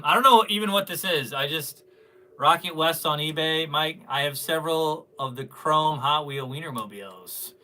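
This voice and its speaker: A man's voice: on the high side, pushed and bright. A man hosting a toy shop livestream, chatting casually with viewers, teasing them and laughing often as he answers their comments.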